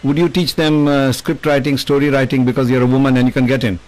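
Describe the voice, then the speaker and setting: A man hosting a casual video-call chat, an animated, talkative storyteller. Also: medium pitch, fast talker, low-quality recording. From India. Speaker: host.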